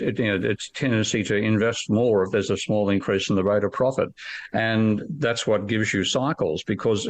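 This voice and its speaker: A man's voice: lowish voice, no room sound. A man explaining as an economist guest on a podcast, fluent, emphatic and blunt.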